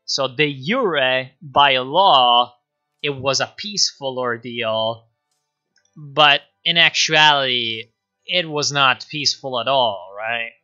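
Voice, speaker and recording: A man streaming casually, giving history commentary in a rambling, profane, animated way. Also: medium pitch, slow, lo-fi sound, soft background music.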